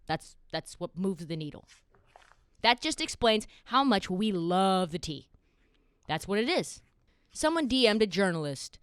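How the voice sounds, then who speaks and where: A young woman hosting a sports podcast, talking in a casual, sarcastic and animated way. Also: medium pitch, smooth, dry recording, studio quality. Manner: animated, sarcastic, quick asides. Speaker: podcast host.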